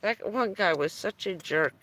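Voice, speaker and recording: A woman's voice: medium pitch, animated, a little slow, a bit bright. A woman chatting casually on a live stream, telling rambling stories and chuckling often between phrases.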